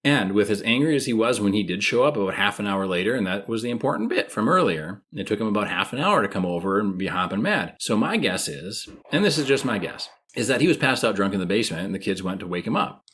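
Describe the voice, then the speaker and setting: A man's voice: on the low side, expressive, fast, hardly any pauses, fairly bright tone, husky. A man in his thirties, a podcast co-host, telling a story in casual chat and acting out the quoted voices.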